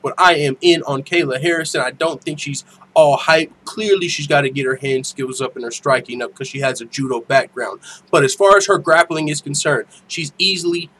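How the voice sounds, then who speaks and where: A man's voice: medium pitch, a bit bright, slight background noise. A man hosting an MMA podcast in loose, slangy casual chat, laughing often. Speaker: podcast host.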